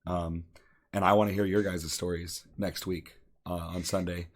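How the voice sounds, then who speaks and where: A man's voice: deep voice, level tone, moderate pace. A young man co-hosting a podcast, talking earnestly and encouragingly, often repeating phrases for emphasis. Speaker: podcast co-host. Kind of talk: earnest casual talk.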